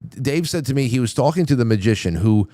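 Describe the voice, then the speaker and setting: A man's voice: mid-range voice, animated, quick pace, mellow, no room sound, clean studio sound. A man hosting a talk show in casual on-air chat, rambling with lots of restarts and stammers.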